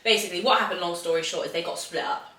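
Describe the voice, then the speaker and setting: Bright chatty woman, roomy sound. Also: on the low side, rapid-fire. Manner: chatty, animated storytelling. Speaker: podcast co-host. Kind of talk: casual chat. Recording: echoey room, mic at a distance.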